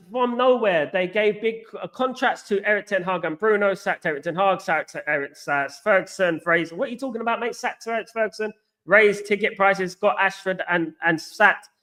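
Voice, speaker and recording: A man's voice: high voice, pushed and bright. A man hosting a casual live chat, reading out viewer comments and answering emphatically, often repeating himself. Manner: emphatic, repeats "absolutely" and "you know what".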